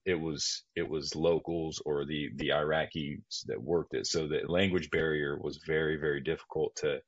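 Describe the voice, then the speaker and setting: A man with an extremely deep voice recounts an old story in loose, rambling chat, backing up and restarting his sentences. The sound is dry and close but dull and muffled, like a lo-fi podcast recording. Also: level tone, normal speed, dry recording. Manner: rambling, self-correcting anecdote. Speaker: former Apache pilot, guest. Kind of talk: casual storytelling.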